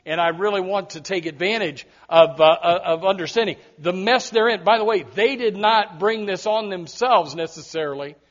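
A man's voice: sits high, moderate pace, hardly any pauses, a bit bright. A man preaching a sermon as pastor, emphatic and repetitive, with frequent direct asides to his congregation. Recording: dull lo-fi sermon recording.

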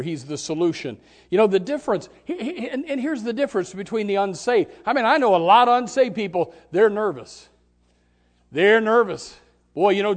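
A middle-aged male pastor preaching a sermon, swinging from fervent shouts to soft, pleading appeals. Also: high voice.

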